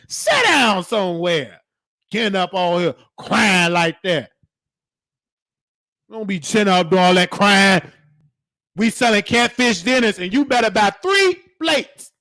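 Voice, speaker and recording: A man's voice: sits high, sing-song, unhurried, bright, forceful tone, no room sound. A man delivering a comedic mock sermon in a preachy, scolding church cadence. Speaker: host.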